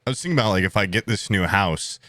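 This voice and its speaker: Low-voiced man with dry jokes. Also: fast talker, sharp tone, no echo. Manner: dry, joking asides and rambling musings. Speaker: podcast co-host. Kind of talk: casual podcast chat.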